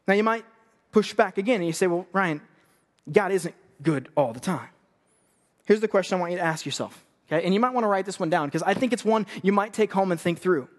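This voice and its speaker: High-voiced young pastor in a reverberant hall. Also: male voice, fast. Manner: energetic, joking, conversational. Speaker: youth pastor. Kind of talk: sermon. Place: church stage.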